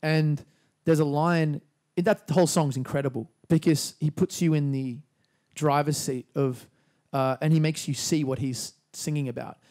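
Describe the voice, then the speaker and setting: A young man with an Australian accent, a musician guest talking in a relaxed, rambling way with lots of fillers. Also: a little high, moderate pace. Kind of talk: casual interview chat.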